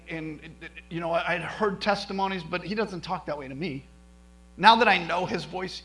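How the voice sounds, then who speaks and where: A middle-aged male pastor telling a personal story in a sermon, animated, with many restarts. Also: high-pitched, low-quality recording. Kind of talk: sermon testimony.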